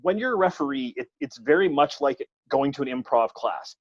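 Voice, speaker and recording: A man with a mid-range voice talks briskly, a wrestling referee sharing an amusing, self-mocking tale in easygoing podcast chat. His delivery is animated. It's dull, dry, lo-fi podcast audio.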